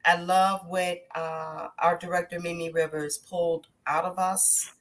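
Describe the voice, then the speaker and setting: A slightly slow, lowish-voiced actress chats on a podcast in a laid-back storytelling interview. She's animated, acting out what people said and breaking into laughter often.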